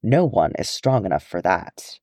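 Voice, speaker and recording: A soothing dwarf mother who gently scolds her son for his guilt, put on by a man reading a storybook, her voice rising and falling in lively swings. The reading is close and dry, with no room around it. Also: sits low, moderate pace, no room sound. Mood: tender. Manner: soothing, earnest.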